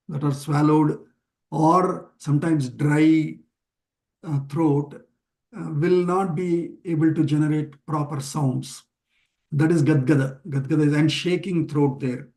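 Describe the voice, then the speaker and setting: A man teaching a weekly online class over a video call, explaining a chanted text slowly and word by word, with many pauses and fillers. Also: fairly high pitch, dark tone. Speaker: teacher of scripture.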